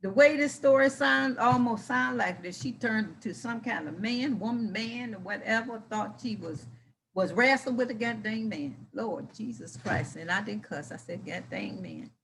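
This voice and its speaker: A woman's voice: on the high side, moderate pace, a bit bright, slight background noise. A woman reading a Bible story aloud and breaking off into emotional, exclaiming commentary and personal anecdotes.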